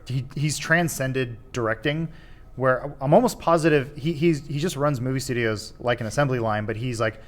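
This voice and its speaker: Guy on a movie podcast, mid pitch, lively and kinda rambly, keeps restarting. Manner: animated, does quick mocking voices, restarts often. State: flustered. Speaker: podcast host. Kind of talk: casual film chat.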